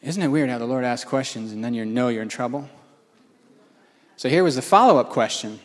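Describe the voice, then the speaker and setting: A man's voice: medium pitch, animated, brisk. A man preaching a storytelling sermon in a conversational, self-mocking way. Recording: long hall reverb.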